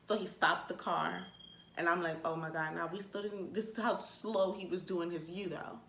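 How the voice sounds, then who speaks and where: A young woman telling a storytime rant in a casual vlog, animated, swearing freely and saying "like" a lot. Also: lowish voice, normal speed, gravelly, slight background noise. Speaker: vlogger. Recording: echoey room.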